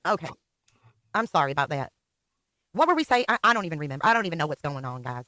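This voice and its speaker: Lively, bright-voiced woman guest. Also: sits low, quick pace, dry recording. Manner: playful, scattered, teasing. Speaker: guest on a live stream. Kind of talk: casual live banter.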